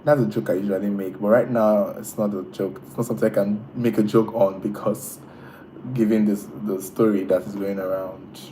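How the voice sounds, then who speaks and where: A man's voice: fairly low pitch, fairly even intonation, moderate pace, mellow, slight background noise, low-quality recording. A man hosting a casual live stream, chatting with viewers, teasing them and laughing often. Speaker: livestream host reading chat.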